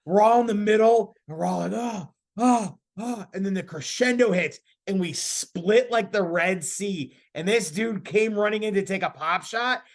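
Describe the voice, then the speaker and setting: A man in his thirties, a podcast host, telling a story in casual chat, animated and laughing as he talks. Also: high voice, moderate pace, few pauses.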